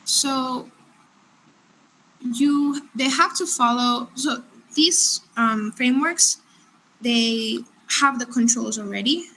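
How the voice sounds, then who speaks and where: A woman on a video call explaining risk concepts as a compliance professional, measured and structured. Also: on the high side, a bit bright, slight background noise, rough recording. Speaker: GRC professional panelist.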